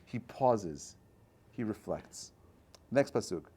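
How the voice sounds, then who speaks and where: A man, a rabbi, giving an informal Torah class in a conversational way, often checking in with his listeners and building to loud, animated bursts. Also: lowish voice, takes it slowly, breathy edge. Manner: conversational, checks in with frequent "right?".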